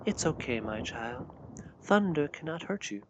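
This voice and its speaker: A man voicing a hushed, lilting hooded forest woman. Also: mid-range voice, sing-song, a little slow, noisy background. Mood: soothing. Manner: soft, soothing, near-whispered. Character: hooded mysterious forest woman, gentle and protective. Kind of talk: storybook reading.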